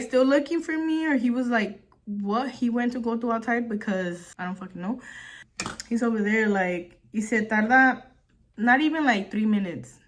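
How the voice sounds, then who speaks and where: A young woman vlogging, telling a story while doing her makeup, chatty and full of fillers, swearing casually. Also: fairly high pitch.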